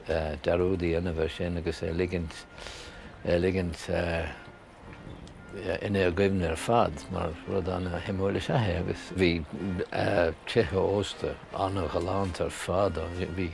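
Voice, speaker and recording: An older Irish man reminiscing casually, chuckling and pausing with many fillers. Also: low-pitched, gravelly, background noise. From Ireland. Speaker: storyteller.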